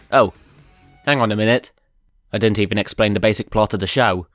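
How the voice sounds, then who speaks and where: A British man rants his way through a comedic review, sarcastic and profane. His voice sits a bit high and swings widely in pitch. He is recorded close and dry, with faint music underneath. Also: big pitch swings, normal speed, fairly bright tone, dry recording. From Britain.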